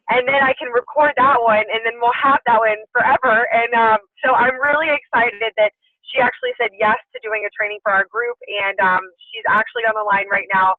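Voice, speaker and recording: A woman introducing a guest on a conference call, gushing and excitable with many fillers. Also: a little high, fairly quick, no room sound. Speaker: team leader hosting a call. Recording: tinny distant phone line.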